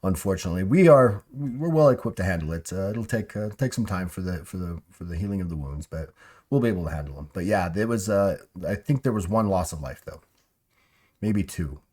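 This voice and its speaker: A man's voice: low-pitched, expressive, brisk, a little mellow. A man narrating a tabletop game as game master, rambling with many fillers and restarts.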